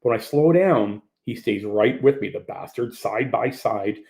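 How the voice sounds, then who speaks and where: A man's voice: fairly low pitch, expressive, a little slow, vocal fry, a little mellow. A man reading his own memoir as an audiobook, in a tense, profane first-person storytelling manner.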